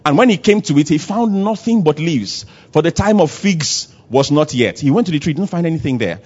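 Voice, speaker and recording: Animated high-voiced preacher, husky. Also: male voice, fairly quick, dull audio. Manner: animated preaching, acts out dialogue, shifting loud and soft. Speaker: pastor. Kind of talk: sermon. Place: church service.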